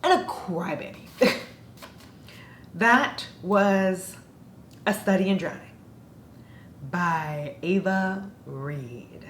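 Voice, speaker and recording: A woman's voice: fairly low pitch, animated, drawn-out words, long pauses. A woman casually ranting in a book review, sarcastic and exasperated. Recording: roomy echo with faint noise.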